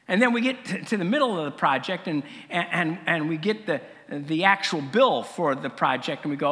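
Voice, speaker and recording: A middle-aged man preaching a sermon as pastor, conversational, with fillers and frequent throat clearing. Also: on the high side, sing-song, moderate pace, bright, forceful tone, in a large hall.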